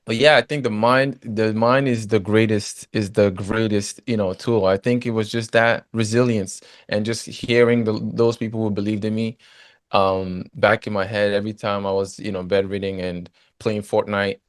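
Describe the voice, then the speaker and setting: Low-voiced man telling his story. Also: moderate pace, no echo, clean studio sound. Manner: animated, repeats "you know" often. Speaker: guest, former footballer turned agent. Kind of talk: casual interview storytelling.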